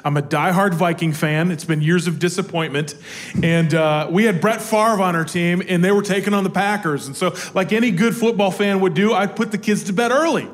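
A man in his forties co-hosting a faith talk, telling family stories in a lively way and laughing as he goes. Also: high voice, brisk. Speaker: co-host. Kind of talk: casual faith talk with storytelling.

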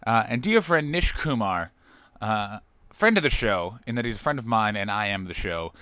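Rambling jokey man, smooth dry voice. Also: lowish voice, moderate pace, dry recording. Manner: rambling, jokey, loud bursts of excitement. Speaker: podcast host. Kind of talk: solo comedic podcast monologue.

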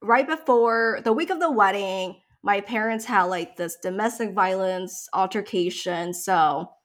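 A woman's voice: medium pitch, a little slow. A young woman in casual chat, sharing a personal story in a talkative, emotional way, with many fillers. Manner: chatty, emotional, tearful at times.

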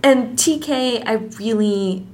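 A woman's voice: a little high, takes it slowly, a little hiss or hum. A woman co-hosting a casual book podcast. She talks animatedly, laughs often and fills her sentences with "like". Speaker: podcast co-host.

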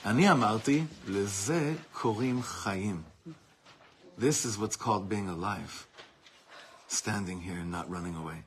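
Husky-voiced rabbi teaching with fervor. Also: male voice, on the low side, moderate pace, a bit bright. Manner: fervent, mixes Hebrew phrases into English, dramatic swells in volume. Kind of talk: impassioned Torah lesson.

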